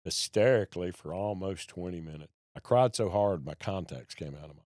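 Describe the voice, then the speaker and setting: A man's voice: deep voice, expressive, brisk, a little mellow, no echo, studio quality. A man, a podcast guest telling a personal story in a folksy, plain-spoken way.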